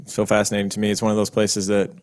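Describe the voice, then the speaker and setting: A man's voice: fairly low pitch, completely flat delivery, very fast, darkish tone. A man co-hosting a true crime podcast in a loose casual chat, rambling, swearing and laughing, sometimes slipping into a put-on Australian accent. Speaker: podcast co-host.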